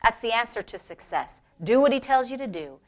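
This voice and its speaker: A woman pastor preaching a sermon, emphatic and building to shouts, calling out to the congregation for responses. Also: on the high side, animated, a little fast.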